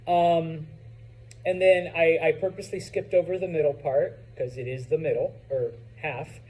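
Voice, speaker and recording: Chatty male Spanish teacher, mellow voice. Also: on the high side, steady tone, moderate pace, low-quality recording. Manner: chatty, joking asides with many okays. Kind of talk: classroom lesson.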